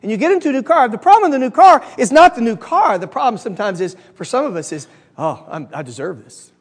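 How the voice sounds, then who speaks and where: Animated middle-aged man teaching a Bible study, high voice, reverberant hall. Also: fast. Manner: animated, chatty, asks the audience questions. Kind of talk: conversational teaching with jokes.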